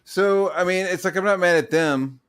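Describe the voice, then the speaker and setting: A man's voice: high voice, moderate pace, a bit bright, clear, resonant tone. A man hosting a podcast in crude casual chat, swearing often, laughing and doing mocking impressions. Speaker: podcast host.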